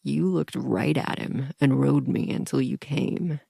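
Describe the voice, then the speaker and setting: A woman voicing a commanding, dominant grown man in an audiobook romance, speaking in a low, domineering murmur. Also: measured pace, creaky, dark tone, slightly rough, no echo, studio quality, exaggerated voice.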